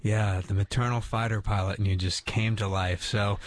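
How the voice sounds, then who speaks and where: A man's voice: on the low side, steady tone, normal speed, a little hiss or hum. Playful male morning radio co-host. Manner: playful, jokey, teasing. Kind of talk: casual morning radio chat and prayer. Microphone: studio microphone.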